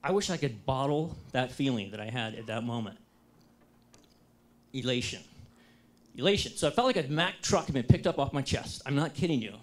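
An American man giving a talk to an audience, telling a personal story in a lively, self-deprecating and humorous way. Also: medium pitch, fast talker, few pauses. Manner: lively, self-deprecating and humorous, acts out his own past dialogue.

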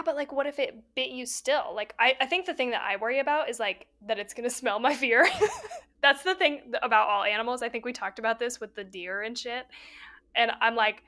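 A young adult woman co-hosting a casual podcast, telling stories animatedly with frequent laughs and lots of "like". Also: on the high side. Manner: animated storyteller, laughs often, says "like" a lot. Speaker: podcast co-host. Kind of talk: casual chat.

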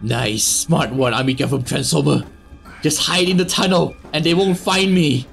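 A young man giving sarcastic let's play commentary on a horror game, swearing and yelling at jump scares. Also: on the high side, fairly even intonation, moderate pace, creaky, soft background music. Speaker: gaming YouTuber.

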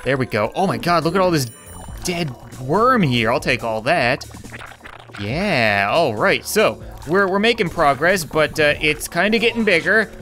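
A young man commenting while playing a video game, excitable, talking to himself and reading game text aloud. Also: on the high side, measured pace. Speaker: gaming channel host. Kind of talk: let's play commentary. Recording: faint music behind.

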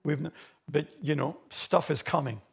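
Gravelly Australian pastor preaching. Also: male voice, on the high side, moderate pace, a little hiss or hum. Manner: emphatic preaching, rising loud on key phrases. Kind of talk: sermon. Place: church hall.

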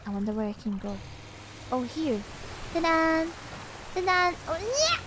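A young woman streaming a game, chatting casually, excitable and giggly, often bursting into squeals. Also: high-pitched, a little slow, a little hiss or hum. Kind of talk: casual gameplay chat.

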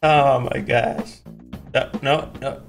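A man's voice: mid-range voice, steady tone, takes it slowly, soft background music. A man hosting a let's play, commenting on his game, often laughing and pleading at it. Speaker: gaming channel host.

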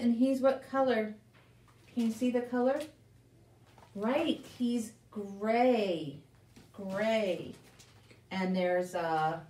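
A woman librarian reading a picture book aloud at a live children's story time, asking questions, making animal sounds and teaching signs. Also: medium pitch. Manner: animated, questioning, sound effects and sign language for kids. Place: library room. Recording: roomy echo, voice from a distance.

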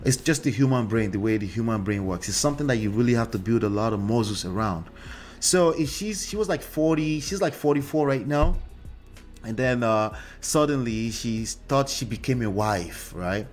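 A man's voice: medium pitch, lively intonation, normal speed, soft background music. A man hosting a relationship commentary show in a casual monologue, talking conversationally with frequent "right?" tags and fillers.

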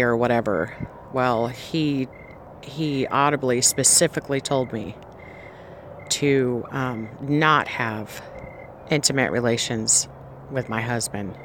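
A woman's voice: extremely low pitch, slow pace, slight background noise. A pregnant woman vlogger giving an earnest, rambling personal faith testimony, often restarting her sentences.

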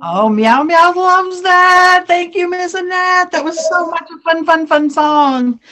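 A woman's voice: very high voice, measured pace, pushed and bright. A woman hosting a children's library program, chatty and enthusiastic as she moves between segments. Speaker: program host.

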